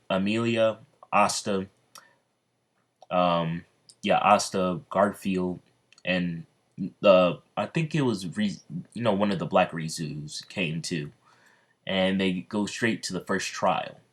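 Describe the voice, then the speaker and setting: A man casually narrating a fan story, rambling and halting with many fillers and restarts. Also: low voice.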